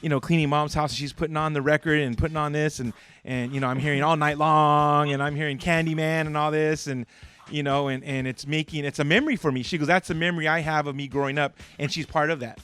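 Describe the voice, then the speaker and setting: A man from Southern California hosts a radio interview as a DJ, telling stories as a longtime fan in an eager, enthusiastic, rambling way with many restarts. His voice is fairly high and fairly bright with a clean tone, fairly even intonation, and a fast pace.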